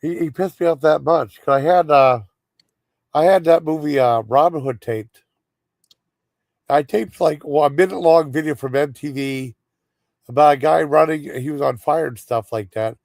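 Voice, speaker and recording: A man's voice: a little high, normal speed, creaky, darkish tone, no room sound. Rambling, swearing man with a dry voice. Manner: rambling, frustrated, swears freely. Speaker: live stream host. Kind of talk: casual storytelling chat.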